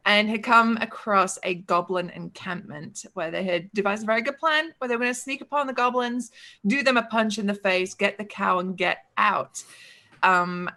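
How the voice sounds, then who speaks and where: A woman's voice: medium pitch, moderate pace, sharp tone. A woman narrating as game master of a tabletop game, upbeat and swearing freely, with plenty of ums.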